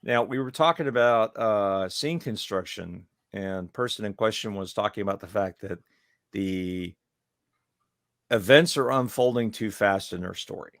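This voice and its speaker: A man's voice: on the low side, a little slow, fairly bright tone, no echo, studio quality. A man co-hosting a podcast on writing, thinking aloud in casual chat. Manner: thinks aloud, restarts sentences. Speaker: podcast co-host.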